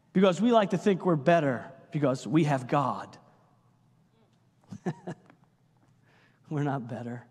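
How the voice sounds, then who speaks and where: Pastor, male; high-pitched, lively sermon delivery with long church reverb. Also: breathy edge. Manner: animated preaching, acts out quotes, jokes with congregation. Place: church hall.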